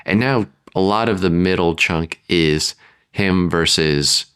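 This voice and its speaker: Low smooth-voiced man brainstorming. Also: fairly bright tone. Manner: thinks aloud, acts out characters in quick voices. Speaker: podcast co-host. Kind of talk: casual brainstorming chat.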